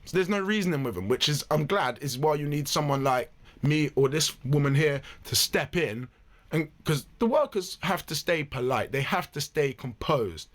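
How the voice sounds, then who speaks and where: A man hosting a reaction video, giving blunt, animated, swear-filled casual commentary. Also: fairly high pitch, moderate pace.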